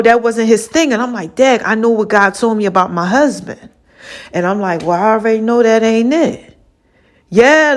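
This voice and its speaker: A woman with a fairly high voice talks straight to her listeners in a loose, chatty storytelling style. She is lively and expressive and keeps acting out old conversations line by line. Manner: animated, acts out both sides of conversations; chatty, addresses listeners as baby and child. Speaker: podcast host. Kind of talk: casual storytelling monologue.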